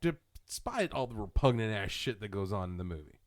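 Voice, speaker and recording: A man co-hosting a casual horror movie podcast, animated and jokey, swearing freely. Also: lowish voice, moderate pace. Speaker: podcast co-host. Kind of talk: casual chat.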